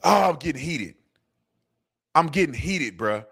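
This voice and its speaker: Male commentator, fired up and emphatic, with a bright, ringing voice that sits a little high. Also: lively intonation, measured pace, vocal fry, long pauses, breathy edge. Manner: emphatic, indignant, repeats himself. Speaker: political commentator. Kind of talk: heated commentary video.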